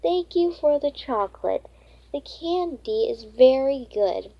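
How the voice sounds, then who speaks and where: A woman voicing a gentle, polite young male dragon who is lost, soft and sad, in a storybook read-aloud. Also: sits high, expressive, takes it slowly, creaky, husky, highs cut off, exaggerated voice.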